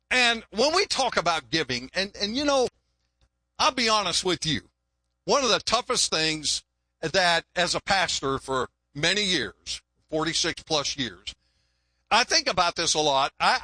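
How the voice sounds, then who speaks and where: A man's voice: on the high side, pushed and bright, no echo. An older man, a longtime pastor, preaching a folksy, joking sermon and often repeating words.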